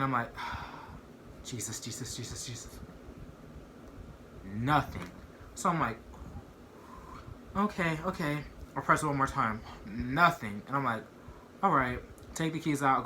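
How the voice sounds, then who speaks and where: Young male vlogger, bright forward tone, chatty rambling storyteller with constant fillers. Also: mid-range voice, slight background noise. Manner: rambling, heavy use of "like" and "you know what I mean". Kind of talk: casual storytime.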